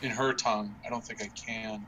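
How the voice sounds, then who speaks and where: Hesitant player with a bright voice. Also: male voice, lowish voice, fairly even intonation, normal speed, slight background noise, low-quality recording. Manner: hesitant, repeats words while thinking. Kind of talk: casual tabletop play.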